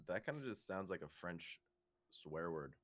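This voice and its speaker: A man's voice: low voice, lively intonation, unhurried. A young man co-hosting a casual comedy podcast, laid-back and joking crudely. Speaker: podcast co-host.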